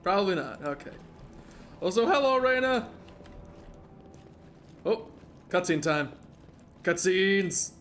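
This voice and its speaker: A man streaming a game, giving excitable, joking commentary and laughing often. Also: high voice, slow pace, pauses often, slight background noise. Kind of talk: casual gameplay commentary.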